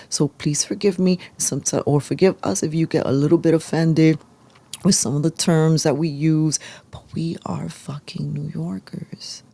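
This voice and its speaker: A woman's voice: fairly low pitch, warm tone, dry recording. A woman from New York City, co-hosting a casual political livestream, talking animatedly and slipping phrases into her English. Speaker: livestream co-host.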